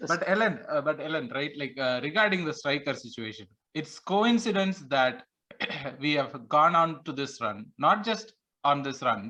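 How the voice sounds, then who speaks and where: A man's voice: fairly high pitch, expressive, moderate pace, bright, forceful tone, highs cut off. A man co-hosting a casual podcast, speaking earnestly and repeating his points for emphasis. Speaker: podcast co-host. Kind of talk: casual fan podcast chat.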